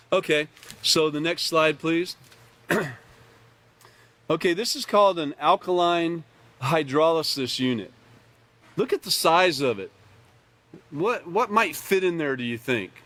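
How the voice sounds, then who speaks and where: Brief: male class instructor, fairly high voice, loose and rambling delivery, throat-clearing asides. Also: slow pace, long pauses, fairly bright tone. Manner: casual, rambling, with joking asides; clears his throat often. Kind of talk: live online class with slides.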